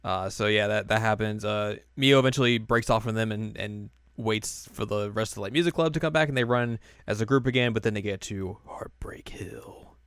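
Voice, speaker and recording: A young man casually recapping anime episodes for a podcast, animated and breaking into quoted voices. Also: lowish voice, normal speed, few pauses, clean tone, no echo, clean studio sound. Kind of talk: casual chat.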